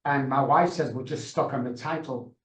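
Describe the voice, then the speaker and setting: A man's voice: mid-range voice, moderate pace. Passionate man in a roomy echo. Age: middle-aged. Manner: passionate, emphatic. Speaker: guest, addiction consultant. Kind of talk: emotional storytelling. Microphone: video call.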